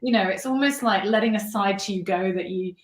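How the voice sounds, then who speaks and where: A woman's voice: medium pitch, fairly quick. A woman author chats through an interview with a modest, self-deprecating manner. She stumbles and restarts as she thinks aloud. Her voice carries a noticeable room echo. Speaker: author guest. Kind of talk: casual interview chat. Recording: roomy echo.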